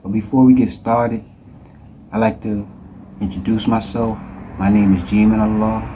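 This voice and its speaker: A man hosting and introducing his channel in a calm, declarative way. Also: fairly low pitch, a little slow, noisy background. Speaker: host.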